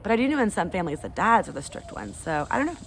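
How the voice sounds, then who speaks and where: A woman's voice: mid-range voice, rapid-fire, gravelly, a little hiss or hum. A woman in her thirties, a teacher, reading a children's book aloud expressively to her class. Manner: expressive, animated. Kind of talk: storybook read-aloud.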